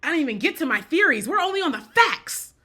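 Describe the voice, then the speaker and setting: A woman's voice: high-pitched, very animated, quick pace, bright, forceful tone. A woman giving casual spoken commentary in a blunt, joking way, often repeating herself and breaking into laughter. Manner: repeats and restarts phrases.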